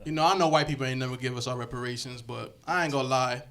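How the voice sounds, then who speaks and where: A man's voice: mid-range voice, fast, fairly bright tone. A young man from Connecticut performing a stand-up comedy set, talking loosely and conversationally. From Connecticut, USA. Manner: loose, conversational, slips into character voices for quoted people.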